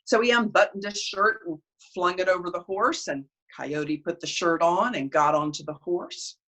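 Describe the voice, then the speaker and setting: A woman storyteller telling family tales and folk tales in an expressive, animated way. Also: fairly low pitch, normal speed. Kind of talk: storytelling performance.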